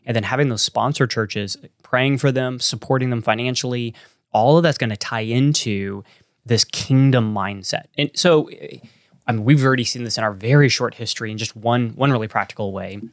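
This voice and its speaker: A man's voice: medium pitch, normal speed, no room sound. A Texan man talks about his church in an earnest, meandering way. He circles back and restarts his sentences as he thinks aloud. His voice sounds close and dry, with no room around it. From Texas. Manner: earnest, rambling with many restarts and fillers. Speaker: church planting pastor. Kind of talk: casual podcast conversation.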